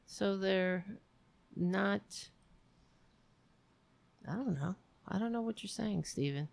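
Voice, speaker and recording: A middle-aged woman hosting a casual live stream, reading chat messages aloud and chatting in a wry, rambling way with quick asides. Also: mid-range voice, expressive, vocal fry, a little mellow, no room sound. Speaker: livestream host reading chat.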